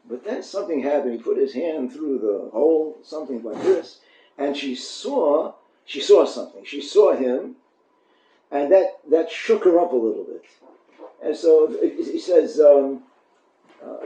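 A man teaching a Torah class, animated and storytelling, often restarting his phrases. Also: a little high, normal speed. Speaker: rabbi giving a Torah class. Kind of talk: Torah lecture. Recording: echoey room, dull lo-fi sound.

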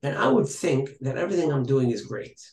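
A man's voice: medium pitch, big pitch swings, a little fast, creaky, darkish tone. A man voicing an older, humble rabbi who speaks earnestly and reflectively about his life. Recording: echoey room.

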